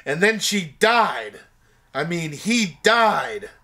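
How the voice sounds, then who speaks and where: A man's voice: on the high side, very animated, fairly bright tone. A young man playing a rambling, tactless oddball guest. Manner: rambling, absurd, halting with fillers. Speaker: bizarre guest in a comedy skit. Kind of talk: comedy sketch acting.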